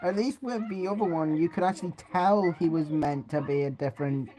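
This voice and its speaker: A woman's voice: fairly low pitch, fairly quick, dark tone. A woman chatting casually and sarcastically while roasting a cartoon with a friend. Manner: sarcastic and giggly. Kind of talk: casual reaction chat.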